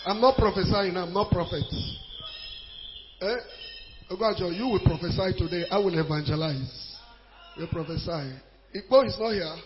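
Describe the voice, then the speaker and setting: Man, very high voice, sing-song shouted sermon, dull lo-fi sound. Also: normal speed, pauses often, slight background noise. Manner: shouting, sing-song preaching with bursts of laughter. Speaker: evangelist preacher. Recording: dull lo-fi recording.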